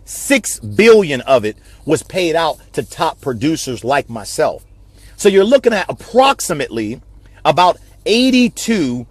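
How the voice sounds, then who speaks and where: A man's voice: fairly high pitch, no echo. A man giving a passionate, repetitive motivational talk on a live video stream, like a preacher. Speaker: network marketing speaker.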